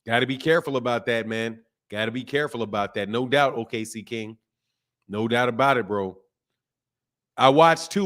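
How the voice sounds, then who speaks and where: A man hosting a casual live stream about boxing, talking in slang and reacting to chat comments. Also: medium pitch. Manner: animated, slangy, reads chat comments aloud. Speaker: boxing channel host.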